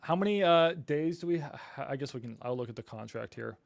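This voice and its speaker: A man's voice: medium pitch, lively intonation, fairly quick, vocal fry, no echo. A man hosting a casual livestream, apologetic and flustered while he fights his equipment and talks to viewers. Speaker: livestream host.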